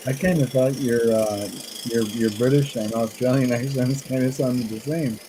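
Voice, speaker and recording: A man's voice: mid-range voice, fairly even intonation, moderate pace, background noise. A man chatting casually and playfully, teasing with questions. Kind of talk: casual chat.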